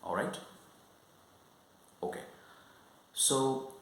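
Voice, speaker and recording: A man teaching a lesson, repeating words and checking understanding again and again. His pitch moves a lot as he explains. The room sounds echoey, with a faint hum underneath. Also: big pitch swings, drawn-out words, a bit bright. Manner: repetitive, checks understanding often. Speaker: English teacher.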